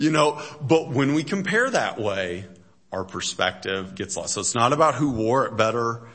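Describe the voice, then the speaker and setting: A man's voice: medium pitch, animated, normal speed, pushed and bright. A middle-aged male pastor giving a casual, humorous sermon, chatty with joking asides and frequent fillers.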